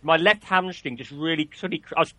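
A man's voice: a little high, fast, bright, forceful tone, dry recording. A man co-hosting a casual podcast, rambling and exclamatory. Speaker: podcast co-host.

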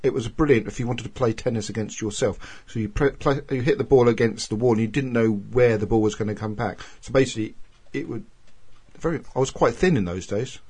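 A man's voice: medium pitch, a little fast, darkish tone, breathy edge. A man, co-hosting a casual podcast chat and telling a long, rambling anecdote. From Wales. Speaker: podcast co-host.

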